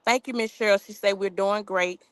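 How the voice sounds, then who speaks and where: A woman's voice: mid-range voice, steady tone, brisk, fairly bright tone, dry recording. Chatty woman live-streaming from her garden. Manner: chatty, reads viewer comments aloud, informal dialect with y'all. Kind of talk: casual live-stream chat. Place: outdoor backyard garden. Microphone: phone camera on a tripod.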